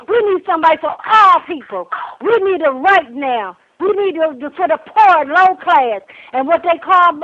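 An older woman, speaking out angrily and emphatically as a grieving grandmother, repeating her points. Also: sits high. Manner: angry, emphatic, repeats herself. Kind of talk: impassioned public complaint. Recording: tinny phone line.

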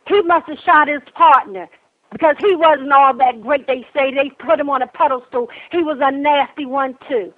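A woman's voice: high voice, moderate pace. An older woman, speaking out angrily and emphatically as a grieving grandmother, repeating her points. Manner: angry, emphatic, repeats herself. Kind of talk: impassioned public complaint. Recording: tinny phone line.

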